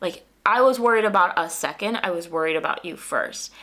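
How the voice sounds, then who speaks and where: A woman vlogger in casual, animated storytelling, whose voice jumps up when she quotes herself in exasperation. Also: fairly low pitch, brisk. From United States.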